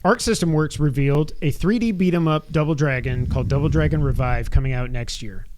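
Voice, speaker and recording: A man co-hosts a casual gaming podcast, running through news items and then adding wry, opinionated remarks. His voice is a little on the high side, with a fairly quick pace and a darkish tone.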